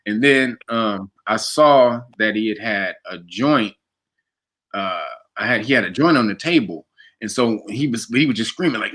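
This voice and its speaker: Bright-voiced animated male storyteller. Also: on the low side, normal speed. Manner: animated, acts out quotes, laughs often. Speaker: guest. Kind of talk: casual storytelling interview.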